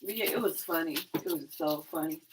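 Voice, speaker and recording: A woman's voice: low-pitched, brisk, background noise. A woman hosting a tarot live stream, telling a rambling, profane story and laughing often.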